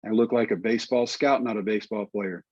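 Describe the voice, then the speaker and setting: A middle-aged man from Texas tells a long personal story, slipping into the voices of the people he quotes. His voice is a bit husky at a middle pitch. The recording is dry and somewhat dull. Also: quick pace, no echo. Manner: animated storyteller acting out dialogue. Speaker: guest storyteller. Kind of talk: storytelling in conversation.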